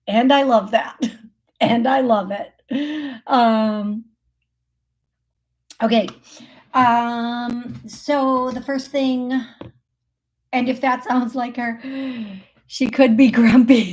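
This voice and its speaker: Slow-talking, chatty woman medium host. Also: high voice, darkish tone. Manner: chatty and rambling, with frequent fillers and self-corrections; laughs easily and often. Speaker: psychic medium hosting a call-in show. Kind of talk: casual live call-in readings.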